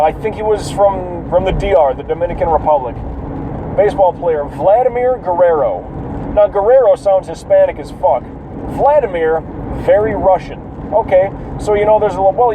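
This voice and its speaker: Man, high voice, casual profane vlog ramble, noisy car recording. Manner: rambling, profane, many fillers. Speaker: vlogger.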